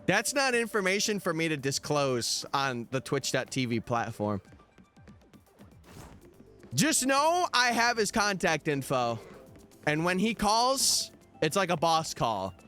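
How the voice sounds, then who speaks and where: A man's voice: on the high side, big pitch swings, slow pace, sharp tone. A young man streaming live, chatting casually and answering his viewers' messages over faint background music. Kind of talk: casual livestream chat.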